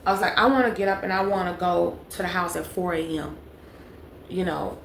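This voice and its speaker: A woman's voice: fairly low pitch, steady tone, fairly quick, vocal fry. Chatty woman in an echoey room. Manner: chatty, talks straight to viewers, repeats phrases for emphasis. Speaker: vlogger. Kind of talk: storytime vlog. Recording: echoey room with faint background noise.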